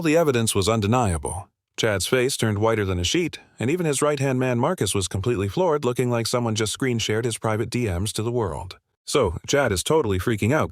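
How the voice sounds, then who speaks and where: Low-voiced gossipy recap narrator, man. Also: no room sound, studio quality. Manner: breathless, gossipy, heavy slang. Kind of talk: slangy scripted story recap.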